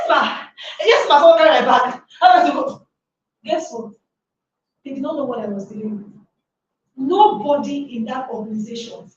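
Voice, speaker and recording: A high-voiced woman gives a motivational workshop talk, emphatic and quick to throw questions at the room. Her voice comes from well off the microphone, with a lot of room echo. The sound is dull and muffled, with faint noise underneath. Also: recorded from a distance. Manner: emphatic, with many rhetorical questions. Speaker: workshop speaker. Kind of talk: motivational talk to a live audience.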